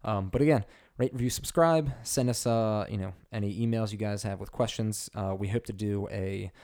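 A man co-hosting a podcast in easy, casual chat. His voice is low, gravelly and mellow, and his talk is loose and full of "you know"s. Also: normal speed. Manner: loose, filler-heavy delivery with many "you know"s. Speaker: podcast co-host.

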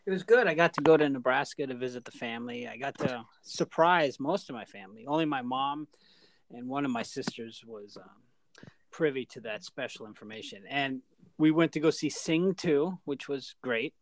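A man's voice: mid-range voice, normal speed, no room sound, rough recording. A man co-hosting a podcast, telling stories in a casual chat and acting out the quotes. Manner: animated storyteller, acts out quotes. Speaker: podcast co-host.

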